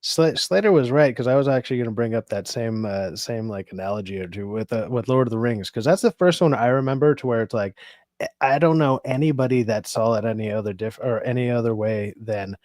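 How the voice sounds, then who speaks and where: A man's voice: mid-range voice, a little fast, a little mellow, dry recording, clean studio sound. A man hosting a casual podcast, rambling through jokey banter. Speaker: podcast host.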